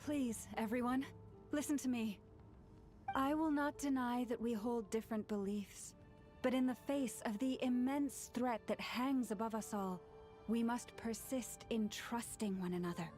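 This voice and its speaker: Lauma, a calm young moon priestess, played by a woman, speaks in steady, measured tones, a little high in pitch. Game music swells behind her rousing words. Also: close to an everyday voice. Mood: solemn. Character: solemn young female moon priestess leader.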